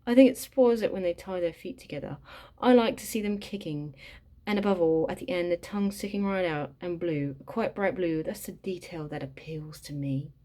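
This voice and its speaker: A woman's voice: lowish voice, normal speed, mellow, lightly acted. A woman reading aloud, playing a cold man who gloats over cruelty in a reminiscent tone. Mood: relishing.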